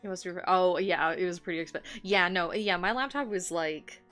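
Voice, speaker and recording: A woman with a lowish voice chats casually at a moderate pace while streaming her drawing from home. This art streamer rambles with lots of "like"s and frequent laughs as soft guitar music plays.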